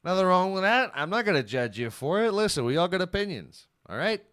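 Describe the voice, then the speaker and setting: Give me a middle-aged man with a smooth, clear voice, joking rowdily as a solo podcast host. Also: high voice, very animated, a little fast. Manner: rowdy, jokey, shifts between shouting and mumbling. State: out of breath. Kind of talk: comedic solo podcast banter.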